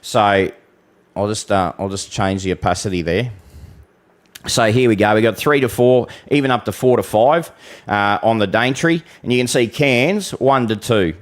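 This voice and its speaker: Fairly low in pitch and moderate in pace, an Australian man delivers a casual live-stream forecast and takes questions from his audience. He keeps it blunt and chatty, calling viewers mate and occasionally swearing mildly.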